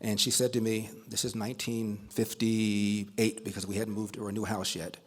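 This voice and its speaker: A man's voice: lowish voice, level tone, moderate pace. Man telling a family story to a crowd. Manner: builds emphasis with repetition. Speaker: speaker at a banquet. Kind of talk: storytelling speech.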